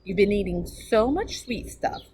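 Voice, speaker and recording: Storybook dad, earnest and persistent, read by a woman, animated pitch, noisy take. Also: unhurried, lightly acted. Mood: persuasive. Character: patient reasoning father. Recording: background noise.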